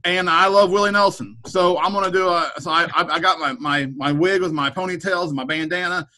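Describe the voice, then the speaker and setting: A man's voice: high voice, steady tone, brisk, bright, forceful tone, poor audio. A man, a middle school principal, chatting casually on a podcast, rambling with frequent repeated words and restarts. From Kansas.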